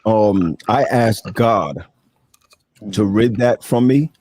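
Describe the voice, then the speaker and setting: A man hosting a casual chat, telling stories in an animated way and laughing often. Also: fairly low pitch, takes it slowly, no room sound. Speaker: host.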